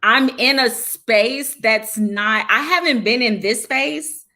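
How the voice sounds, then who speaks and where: A woman's voice: fairly high pitch, slow pace, pushed and bright. A woman who is a guest on a casual podcast chat, speaking candidly, with many restarts and fillers.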